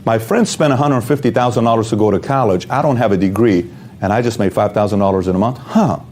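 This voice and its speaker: A man with a mellow, relaxed tone lays out his case plainly, throwing rhetorical questions straight at the listener. A faint hum of noise sits behind his voice. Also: fairly low pitch, quick pace. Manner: direct, rhetorical questions to the viewer. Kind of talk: motivational talk.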